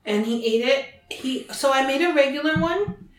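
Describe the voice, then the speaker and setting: A woman's voice: sits high, moderate pace, reverberant, low-quality recording. A woman co-hosting a podcast in casual, teasing chat that is often broken up by laughter. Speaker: podcast co-host.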